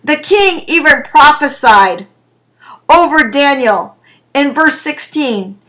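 Bright high-voiced woman preacher. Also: animated, rough recording. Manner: slow, deliberate reading with prayerful emphasis. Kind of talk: sermon scripture reading.

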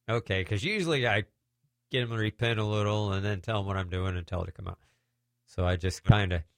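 A middle-aged man telling lively deliverance stories in a casual way, acting out the voices of the people he quotes. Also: deep voice, vocal fry, dry recording, studio quality. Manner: animated, acts out quoted voices. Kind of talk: casual storytelling testimony.

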